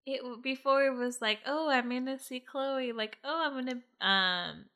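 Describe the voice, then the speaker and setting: A woman talks casually, chiming in and laughing along with her friend. Her voice sits a little high and sounds bright. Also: moderate pace. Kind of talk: casual chat.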